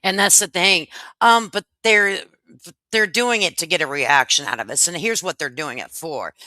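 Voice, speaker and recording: Bright-voiced, outspoken woman host. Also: fairly low pitch, moderate pace, no room sound, low-quality recording. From Chicago. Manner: outspoken, crude, laughs easily. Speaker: channel host. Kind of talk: livestream casual chat.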